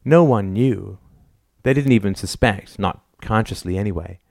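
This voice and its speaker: A man voicing a quiet, despairing woman doctor confessing her guilt in an audiobook. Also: lowish voice, moderate pace, gravelly, dry recording, studio quality.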